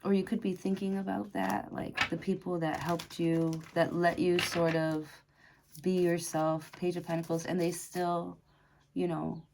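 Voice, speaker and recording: Low-voiced chatty woman with gravelly fry. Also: little pitch movement, measured pace, darkish tone, a little hiss or hum. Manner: chatty, laughs often, lots of fillers. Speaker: tarot reader. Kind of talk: casual tarot reading to camera.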